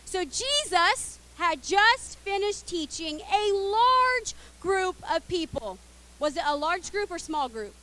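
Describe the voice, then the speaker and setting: A young woman teaching children, telling a Bible story in a playful, expressive way and getting the kids to call out and join in. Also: extremely high pitch, slow pace.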